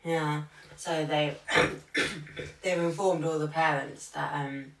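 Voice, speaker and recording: A woman's voice: deep voice, steady tone, slow pace. A young woman who teaches primary school, chatting on a podcast and telling stories in which she acts out what other people said. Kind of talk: casual podcast chat. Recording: echoey room, far from the mic.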